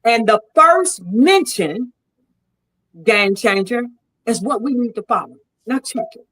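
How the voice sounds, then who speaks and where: A woman's voice: fairly high pitch, expressive, slow, a bit bright, breathy edge, low-quality recording. A woman in a heated debate, arguing in a combative, preachy way and leaning on scripture. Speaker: debate guest.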